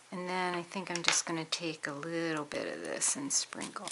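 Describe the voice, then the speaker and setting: A woman talking through a crafting tutorial in a relaxed, chatty way, thinking aloud as she works. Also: deep voice, moderate pace, creaky, hardly any pauses, background noise. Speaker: crafter demonstrating a project.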